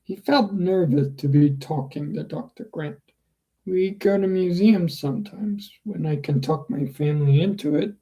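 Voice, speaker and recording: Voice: medium pitch, moderate pace, warm tone, poor audio. A host reading a novel aloud in a casual way, breaking off for chatty asides. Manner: chatty, laughs and swears in asides. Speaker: book reader and host.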